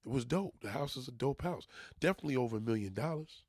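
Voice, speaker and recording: Gravelly, husky man venting bluntly. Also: mid-range voice, lively intonation, fast, a little mellow, dry recording, clean studio sound. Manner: profane, emphatic venting. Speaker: junk removal business owner. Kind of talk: casual rant to camera.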